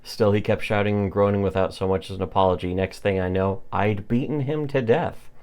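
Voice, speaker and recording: A man voicing a calm, cold-blooded young man from a comic, read in a flat, matter-of-fact way. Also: lowish voice, brisk, clear, resonant tone, lightly acted.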